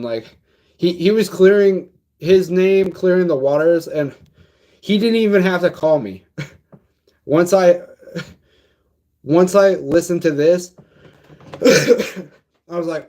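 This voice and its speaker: A man's voice: high voice, takes it slowly, pauses often, dark tone. A young man in casual reaction commentary, talking loosely in slang and laughing often as he reviews a song. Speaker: music reviewer.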